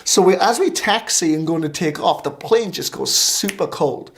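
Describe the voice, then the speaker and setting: A man's voice: on the high side, normal speed, vocal fry. A middle-aged man, a minister, telling a story in a talk show interview, full of fillers and restarts. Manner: lively anecdotal storytelling with many fillers. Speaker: guest minister.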